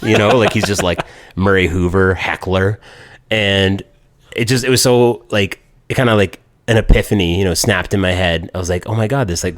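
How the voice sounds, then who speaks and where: A man co-hosting a podcast, telling a story in casual chat and quoting people as he goes. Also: low-pitched. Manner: animated storyteller, quotes people in voices. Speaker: podcast co-host.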